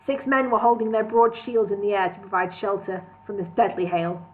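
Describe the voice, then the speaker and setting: A woman's voice: medium pitch, a little fast. A woman reading a parody fantasy novel aloud as a storyteller, catching and correcting small slips as she goes. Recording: tinny phone-like sound.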